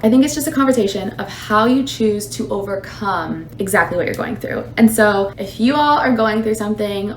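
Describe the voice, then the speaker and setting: A young woman vlogging to camera, talking casually and reflectively with many fillers. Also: mid-range voice. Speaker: vlogger, surfer. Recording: echoey room, faint noise.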